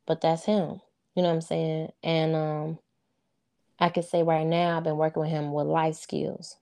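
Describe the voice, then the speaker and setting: Heartfelt mom as interview guest, low and mellow, chatty and informal, keeps saying "you know what I'm saying.". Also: female voice, little pitch movement, normal speed, smooth. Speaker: interview guest, single mother of sons. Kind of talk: casual heartfelt interview chat.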